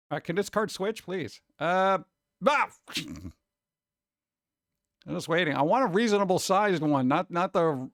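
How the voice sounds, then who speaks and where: A man's voice: fairly high pitch, a bit bright, no echo, clean studio sound. A man live-streaming, rambling and joking in casual chat as he reacts to viewers.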